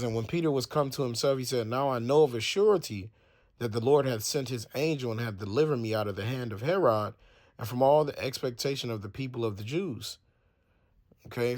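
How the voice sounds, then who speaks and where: A man's voice: medium pitch, darkish tone. Man casually explaining scripture. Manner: reads scripture then explains it in casual slang, acting out the people in the story; stumbles and restarts, thinks aloud while checking facts. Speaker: Bible teacher. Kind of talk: casual Bible study reading and commentary.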